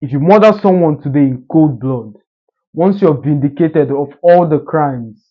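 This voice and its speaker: A man delivers a motivational monologue, assertive and lecturing, driving each point home. His voice sits slightly high. The recording is dull and lo-fi. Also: expressive, moderate pace. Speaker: social media commentator.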